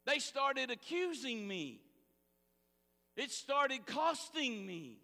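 A preacher acting out a stammering, ashamed disciple. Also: male voice, very high voice, very animated, takes it slowly, creaky, sharp tone, long reverb tail, pitched above the performer's own voice, exaggerated voice. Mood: pleading. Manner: stammering, pleading. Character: earnest, boastful male disciple, later ashamed.

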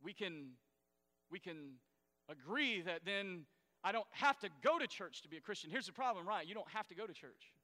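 A man preaching a sermon as pastor, swinging between loud emphatic lines and quiet asides to the congregation. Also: high voice, lively intonation, normal speed. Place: church sanctuary. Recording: echoey hall reverb.

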